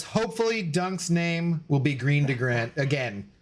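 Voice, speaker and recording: A man's voice: fairly high pitch, very animated, a little slow, slight background noise. A man live-streaming from home, chatting casually with his viewers, greeting them by name and joking around. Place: home room.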